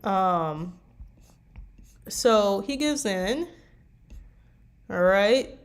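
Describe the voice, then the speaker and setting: A weary fanfiction writer speaks very slowly in an expressive, mid-range voice. Chatting casually about her writing, she meanders along with many fillers.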